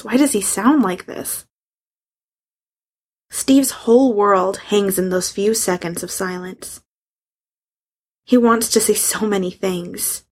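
A woman reading a fan fiction story aloud, in a hushed and emotional storytelling manner. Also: mid-range voice, fairly even intonation, slow pace. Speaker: reader.

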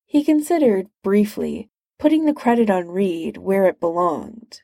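Woman narrator, slow and mellow, dry close sound, storybook reading. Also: medium pitch, big pitch swings, gravelly, dry recording. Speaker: reader. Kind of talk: reading fan fiction aloud.

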